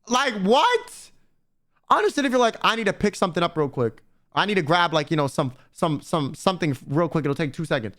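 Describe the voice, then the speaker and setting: A man's voice: high voice, brisk. Young guy streamer ranting to chat, swears a ton, voice jumps all over the place. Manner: slangy, blunt, animated, swears a lot.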